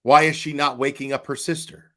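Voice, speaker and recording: A man's voice: medium pitch, little pitch movement, fairly bright tone. Stammering man talking to his stream chat. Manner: halting, stammers and repeats words; questioning, talks to the chat. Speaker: online commentator. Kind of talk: casual livestream commentary.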